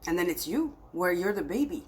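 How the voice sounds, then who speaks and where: A woman's voice: lowish voice, big pitch swings, fairly quick, a little mellow, rough recording. A woman giving a spiritual tarot reading to her viewers, talking in an emphatic, scolding way that swings between exasperation and pleading. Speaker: tarot reader.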